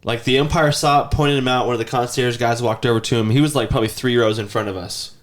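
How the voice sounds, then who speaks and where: A podcast host in his thirties tells rambling stories in casual chat, at times imitating a child's whiny voice. He speaks fast, with a medium pitch and steady tone.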